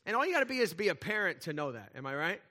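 A man preaching a sermon as pastor, conversational and animated, with playful asides and frequent check-ins with the congregation. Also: high-pitched, racing.

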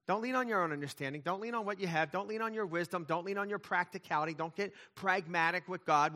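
A man's voice: high-pitched, fast talker, few pauses, sharp tone. A middle-aged male pastor preaching a sermon, emphatic, with intensity that swells and drops back.

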